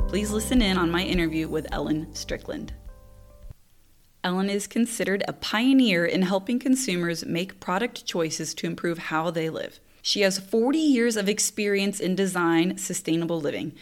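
A young woman hosting a podcast, telling a story casually in an animated, exasperated way, laughing often. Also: fairly low pitch, moderate pace, faint music behind. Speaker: podcast host.

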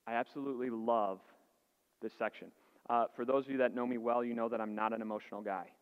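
A pastor preaching a sermon earnestly, building emphasis and asking rhetorical questions. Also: male voice, medium pitch, steady tone, quick pace, clear, resonant tone, big-room sound, phone-quality sound.

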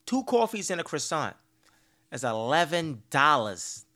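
A man's voice: on the high side, unhurried. A man hosting a podcast, telling stories in a casual, profane, exasperated rant. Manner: profane, animated storytelling; petty, exasperated complaining. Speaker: podcast host. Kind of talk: casual ranting monologue.

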